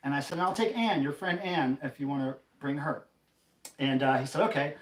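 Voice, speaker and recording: A man hosting a casual livestream, telling a rambling, animated story. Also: on the high side, brisk, echoey room, poor audio. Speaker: livestream host.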